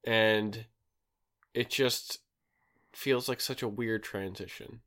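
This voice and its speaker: Slow, bright-voiced man casually recapping. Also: on the low side, steady tone. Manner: rambling recap with fillers and laughs. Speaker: podcast host recapping an episode. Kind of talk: casual chat.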